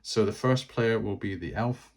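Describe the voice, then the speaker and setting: A man's voice: lowish voice, moderate pace, vocal fry. A man narrating a solo board game, chatty and thinking aloud as he plays.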